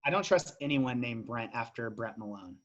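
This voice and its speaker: A man's voice: mid-range voice, moderate pace, fairly bright tone, slight background noise. Casual-talking man, slightly dull-sounding recording. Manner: loose, rambling, frequent restarts. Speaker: podcast co-host. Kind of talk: casual sports betting chat.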